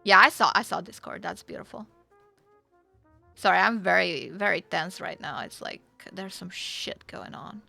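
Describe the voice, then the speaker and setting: A woman's voice: lowish voice, normal speed, gravelly, no echo, faint music behind. A woman streaming a roleplay game, chatting casually and swearing freely while she plays. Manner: chatty, excitable, swears freely, laughs often.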